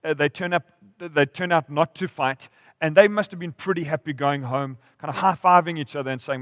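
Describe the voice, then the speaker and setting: A man with a fairly high voice delivers a church sermon, telling stories with swelling and falling volume. His voice is close and dry, yet a long reverb trails off in the church hall around him. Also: fast. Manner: storytelling with lively rises and drops in volume. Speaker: pastor.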